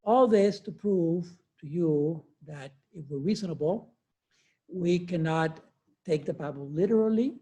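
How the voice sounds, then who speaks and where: Sixty-year-old male lecturer, mellow voice. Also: a little high, measured pace. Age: 60s. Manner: conversational, chuckles often, many fillers and restarts. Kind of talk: university lecture. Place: cold classroom. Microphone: lecture recording with remote attendees.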